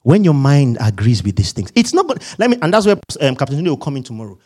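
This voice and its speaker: A male pastor delivering a humorous, animated sermon to his congregation. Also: medium pitch, quick pace, slightly rough.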